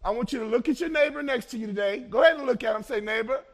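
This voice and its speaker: A man in his fifties from Los Angeles, a pastor preaching a fervent sermon that swings between shouted peaks and hushed asides. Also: very high-pitched, very fast.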